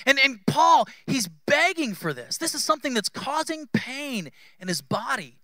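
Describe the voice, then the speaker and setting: A man's voice: very high-pitched, sing-song, a little slow, pushed and bright, dry recording. A male pastor in his thirties giving a conversational, humorous sermon in church, acting out quoted voices.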